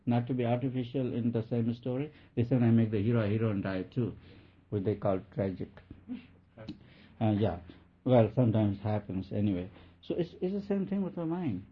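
A man giving a gentle spiritual talk as a teacher, telling a story in a halting way with many restarts. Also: medium pitch, husky. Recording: thin phone-like lo-fi recording.

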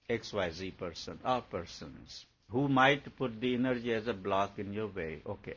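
A man delivers a spiritual discourse in a husky voice, pressing his listeners with rhetorical questions before slipping into playful stories. The recording is dull and lo-fi, with the highs rolled off. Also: fairly bright tone. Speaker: spiritual teacher.

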